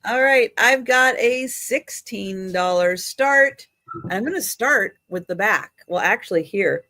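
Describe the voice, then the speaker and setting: Woman, live auction host, slow easygoing patter, dry close mic. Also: mid-range voice, lively intonation, sharp tone, no room sound. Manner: chatty, laughs at her own slips. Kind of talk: live online auction selling.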